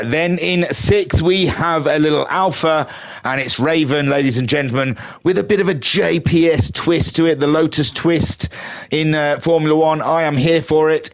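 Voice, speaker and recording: Jokey man commentating races. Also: a little high. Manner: playful, jokey, builds to excited shouting at the start. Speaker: sim racing league commentator. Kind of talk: live race commentary. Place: home room.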